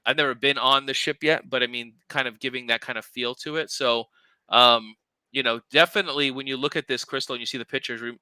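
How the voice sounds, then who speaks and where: A young man co-hosting a casual livestream, talking excitedly and rambling with lots of fillers and restarts. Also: medium pitch, smooth, dry recording, poor audio. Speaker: livestream co-host, crystal maker.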